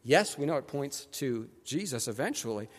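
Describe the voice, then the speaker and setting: A man preaching a sermon as pastor, animated and conversational, acting out the people he quotes. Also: mid-range voice, normal speed. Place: church sanctuary. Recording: long church hall reverb.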